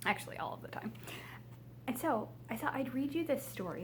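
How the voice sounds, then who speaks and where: A woman reading a children's picture book aloud in a friendly, expressive storytelling way. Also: medium pitch, a little fast, slight background noise.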